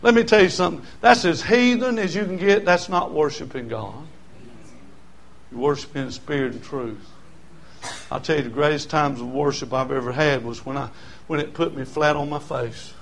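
Older pastor, gravelly voice; folksy sermon, quiet stretches breaking into shouts. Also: male voice, fairly high pitch, normal speed, a little hiss or hum.

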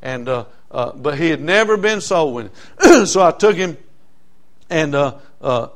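A middle-aged man with a drawl preaches in a plain, folksy way. His voice sits a little high for a man, and he leans on "uh, uh" fillers between thoughts. He rises to loud emphasis on the points he wants to drive home. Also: vocal fry. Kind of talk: sermon with personal stories.

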